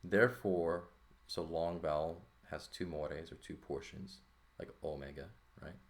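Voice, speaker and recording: A man teaching a language lesson in a relaxed walkthrough, thinking aloud and often checking in with "right?". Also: deep voice, measured pace. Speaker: Greek teacher.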